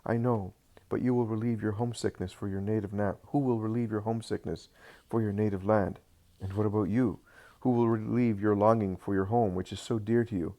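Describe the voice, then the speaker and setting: A man voicing a gentle, worried young mother. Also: lowish voice, steady tone, fairly quick, close to an everyday voice. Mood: pleading.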